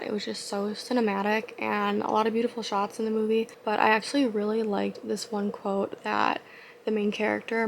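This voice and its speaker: A woman's voice: mid-range voice, gravelly, slight background noise. A young woman vlogging in a chatty, rambling way, full of casual fillers. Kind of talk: casual vlog chat.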